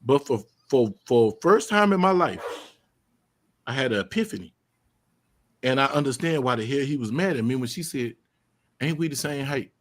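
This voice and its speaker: A man hosting a casual streamed talk show, telling profane stories in an animated way that swings up to loud outbursts. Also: medium pitch, moderate pace, pauses often. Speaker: podcast host. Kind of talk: casual chat.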